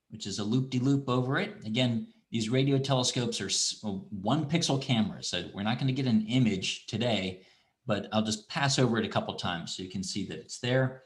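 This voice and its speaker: A middle-aged man teaching an online astronomy class, talking in a relaxed, rambling way with restarts and asides. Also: mid-range voice, normal speed. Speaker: university astronomy instructor. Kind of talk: online lecture with screen demo.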